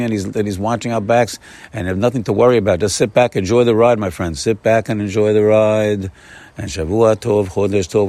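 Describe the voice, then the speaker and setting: Man giving an animated morning Torah talk. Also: fairly low pitch. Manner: warm repetitive exhortation, often saying "my friends"; animated, rising bursts of emphasis. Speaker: Torah teacher.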